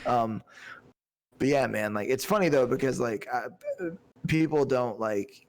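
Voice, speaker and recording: A man from the American South talks in a loose, joking way, cursing now and then as he picks apart a film. His voice has a gravelly edge at a middle pitch. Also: a little slow. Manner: animated, jokey, swears casually. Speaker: podcast co-host. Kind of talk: casual movie review chat.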